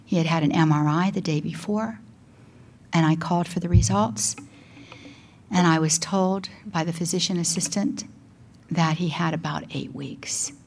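An older woman giving an emotional spoken testimony, preaching at times in a near whisper, with a husky voice. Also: sits low, normal speed, darkish tone, a little hiss or hum. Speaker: Catholic speaker and broadcaster. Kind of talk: sermon.

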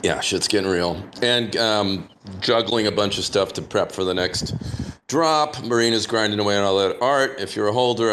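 A man in a casual online group chat who sounds relaxed and tired while talking about his work day. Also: on the low side. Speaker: panel speaker.

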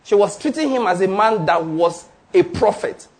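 Here a pastor preaches in church with a high-pitched, expressive voice at a moderate pace. Now and then laughing, he fires call-and-response questions at the congregation and emphatically restates his points.

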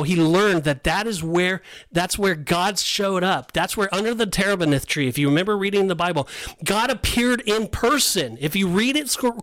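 Podcast co-host, male, high pitched, excitable storyteller who acts out the characters. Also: dry recording. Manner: animated storytelling, acts out voices of biblical figures. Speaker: podcast co-host teaching the Bible. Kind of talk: casual Bible study chat.

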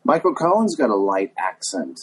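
A man's voice: fairly low pitch, sing-song, moderate pace, husky, rough recording. A middle-aged man guesting on a chat show, talking in a hesitant, musing way with many fillers. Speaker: guest impressionist. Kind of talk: casual chat.

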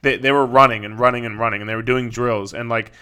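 A man's voice: mid-range voice, steady tone, quick pace, sharp tone, clear, resonant tone. A young man hosting a fitness podcast, talking in a casual, profane, rambling way with lots of fillers and restarts. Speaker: fitness coach and podcast host.

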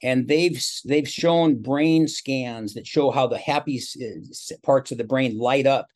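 An older man in his sixties, a motivational speaker, talks as an interview guest. He spins long personal anecdotes in a relaxed, chatty way and acts out quoted dialogue, with a voice of ordinary pitch. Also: measured pace. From Seattle, USA. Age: 60s. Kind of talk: casual interview storytelling.

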